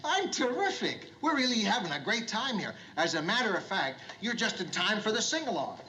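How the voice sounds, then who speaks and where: An actor playing a gruff middle-aged bar owner who awkwardly tries to be jovial, in a 1970s sitcom. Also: male voice, sits high, big pitch swings, brisk, heavily acted. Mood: forced cheer. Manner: loud, awkwardly jovial greeter. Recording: noisy old TV soundtrack. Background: sitcom laugh track.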